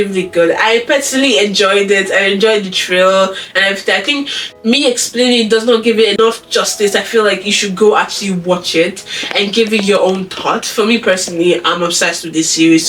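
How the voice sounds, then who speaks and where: A woman's voice: medium pitch, a bit bright. A woman vlogger recapping a show in a casual, chatty way, using lots of fillers. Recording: distant mic, faint music behind.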